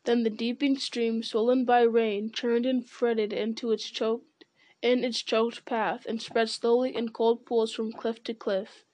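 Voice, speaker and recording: A woman reading a fantasy novel aloud with steady narration and small stumbles that she corrects. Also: a little high, unhurried, dry recording. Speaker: reader.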